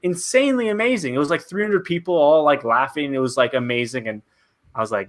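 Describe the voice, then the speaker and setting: A man chatting as a guest comedian on a podcast, animated and profane, peppering his talk with "like.". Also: on the high side, fast talker. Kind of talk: casual podcast chat.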